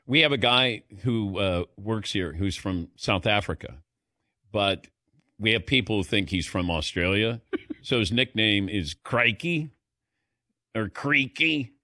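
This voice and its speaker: Middle-aged male radio host, low-set but bright, crisp dry studio sound; easygoing banter. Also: dry recording. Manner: chatty, laughs easily, calls on co-hosts by name. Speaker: sports talk show host.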